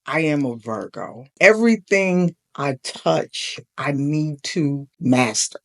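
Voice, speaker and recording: A woman's voice: deep voice, lively intonation. An older woman from Brooklyn with a New York accent, chatting casually and playfully as a guest on her daughter's show. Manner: sassy, playful, drawn-out emphasis. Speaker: guest, host's mother. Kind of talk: casual chat.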